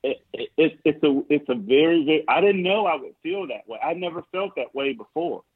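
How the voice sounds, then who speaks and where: A man in his forties, a podcast guest telling a hunting story over the phone, excited and stumbling over restarts. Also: fairly quick, breathy edge. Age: 40s. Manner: excited, stammering restarts, voice climbing high when emotional. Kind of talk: casual storytelling. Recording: tinny phone line.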